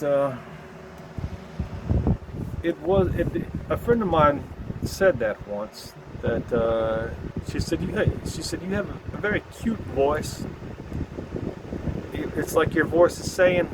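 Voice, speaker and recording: Halting man with a Southern drawl. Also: medium pitch, slight background noise. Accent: American Southern. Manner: halting, searching, with many restarts. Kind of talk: candid personal vlog.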